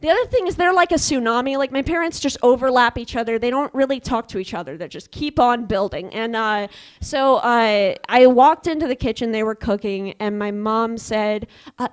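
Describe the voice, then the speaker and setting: A young woman performing a stand-up comedy set, telling stories haltingly with many fillers and deadpan punchlines. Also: on the high side, clear, resonant tone.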